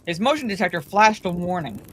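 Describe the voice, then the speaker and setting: A woman reading a bedtime story aloud in a steady, plain way, her voice slightly congested from allergies. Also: fairly low pitch, fairly quick, slightly rough, rough recording.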